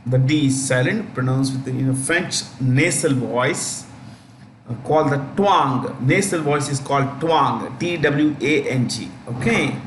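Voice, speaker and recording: A man with an Indian English accent teaching a current affairs lesson, saying key names twice, slowly, with many fillers. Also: mid-range voice. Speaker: exam coaching teacher. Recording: echoey room, faint background noise.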